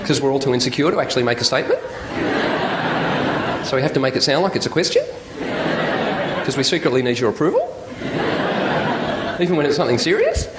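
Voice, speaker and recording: Australian male comic, quick lively delivery, echoey live room with loud crowd laughter. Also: a little high, very noisy. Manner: joking, animated storytelling. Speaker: stand-up comedian. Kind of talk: stand-up comedy routine. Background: audience laughter.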